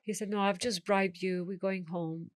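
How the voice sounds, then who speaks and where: A woman's voice: mid-range voice, fairly even intonation, normal speed, no room sound, studio quality. A middle-aged woman, a guest telling her life story in an interview, acting out the voices of the people she quotes.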